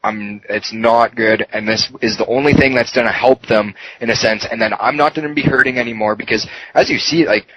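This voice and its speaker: A man's voice: mid-range voice, steady tone, brisk, few pauses. A man, a podcast guest, telling his story in a raw, emotional way, swearing often and full of fillers. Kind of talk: candid personal interview. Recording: muffled podcast audio with faint noise.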